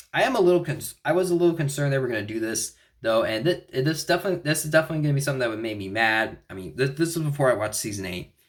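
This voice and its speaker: A young man giving a casual spoken review of a TV episode, rambling with frequent restarts and self-corrections. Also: a little high. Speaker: video reviewer. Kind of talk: casual TV show recap and opinion.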